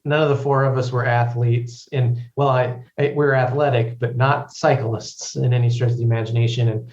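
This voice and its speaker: A man's voice: medium pitch, little pitch movement, fairly quick, a little mellow. Easygoing man, roomy dull audio. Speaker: guest. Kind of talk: casual chat.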